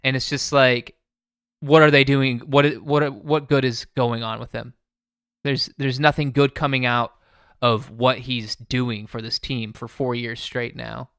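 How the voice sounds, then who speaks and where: A man's voice: medium pitch, little pitch movement, unhurried, fairly bright tone, smooth, no echo, studio quality. A man co-hosting a casual podcast chat, rambling with stammered restarts. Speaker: podcast co-host.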